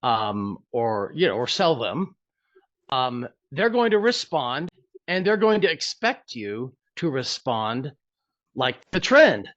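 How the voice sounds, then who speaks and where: A man's voice: medium pitch, sing-song, slow, a bit bright, no echo, lo-fi sound. A man sharing a lesson on a training call, earnest and emphatic on key phrases.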